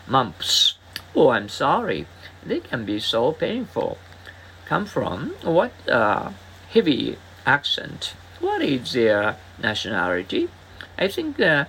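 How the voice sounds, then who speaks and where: A man reading English example dialogues aloud as a teacher, in a halting way with frequent hesitation fillers. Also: mid-range voice, fairly bright tone, a little hiss or hum, low-quality recording.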